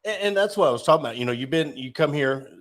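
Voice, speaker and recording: A man's voice: a little high, animated, rapid-fire. A man hosting a sports podcast, asking long, conversational questions. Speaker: podcast host. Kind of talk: casual interview talk.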